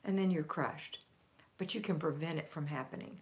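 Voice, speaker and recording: A woman with a somewhat low-pitched voice hosts a live homemaking stream. She talks in an emphatic, upbeat coaching tone and reads out viewer comments in a casual, chatty way. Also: moderate pace. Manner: reads viewer comments aloud and answers them. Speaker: homemaking livestream host. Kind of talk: live motivational chat, reading viewer comments.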